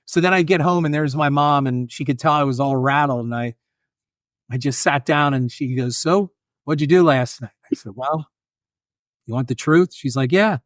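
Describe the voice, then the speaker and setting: Male guest, animated storyteller, acts out voices, dry close mic. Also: mid-range voice, normal speed, dry recording. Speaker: guest filmmaker and author. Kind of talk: casual storytelling.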